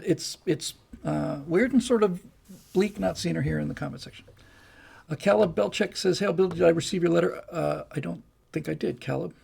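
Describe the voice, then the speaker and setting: A man's voice: on the high side, gravelly, a little mellow, slightly rough. A man hosting a casual livestream, rambling and chatty as he reads out viewer comments. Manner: rambling, chatty, with many restarts and fillers. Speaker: livestream host.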